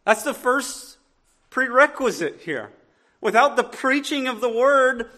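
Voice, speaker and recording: High-voiced, slow Southern preacher man. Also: lively intonation, sharp tone. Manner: earnest, emphatic, with frequent restarts. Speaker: pastor. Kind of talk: sermon.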